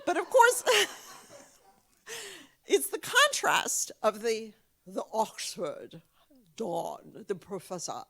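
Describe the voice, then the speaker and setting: A woman's voice: medium pitch, slow, creaky, long pauses. A woman with an American accent giving a public lecture, telling jokes animatedly and repeating phrases as she thinks. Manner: animated, laughs at own stories, repeats phrases.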